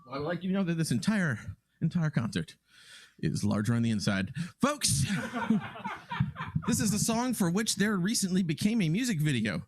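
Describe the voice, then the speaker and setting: A man's voice: high-pitched, big pitch swings, normal speed, a little hiss or hum. A man bantering between comedy songs at a virtual concert, jokey and self-mocking, with music playing behind him.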